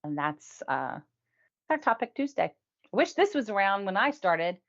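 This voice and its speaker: A woman hosts a casual weekly review, talking in a chatty way with quick asides and frequent laughs. Her pitch sits in the middle range. The recording sounds dull and lo-fi. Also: very animated. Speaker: host.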